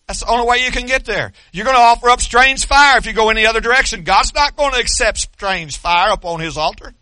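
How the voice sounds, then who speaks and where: Male pastor, high bright voice, emphatic repetitive preaching. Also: fast talker, hardly any pauses, dry recording. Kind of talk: sermon.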